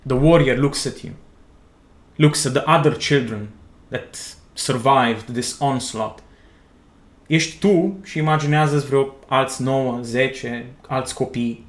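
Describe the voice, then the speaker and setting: Guy narrating a tabletop game, slow, roomy echo. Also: medium pitch. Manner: slow, dramatic second-person narration. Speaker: game master.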